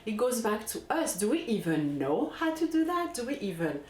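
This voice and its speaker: A woman's voice: fairly high pitch, very animated, moderate pace, a little mellow, reverberant. A woman hosting a parenting channel, talking thoughtfully to her viewers and often repeating words as she searches for the right ones. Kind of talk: reflective solo talk to camera.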